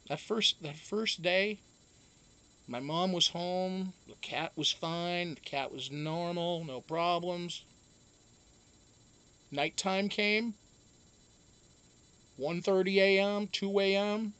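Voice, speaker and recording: Profane, animated man telling a story. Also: sits high, slow, long pauses, clean tone. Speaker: reality show houseguest. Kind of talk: casual storytelling.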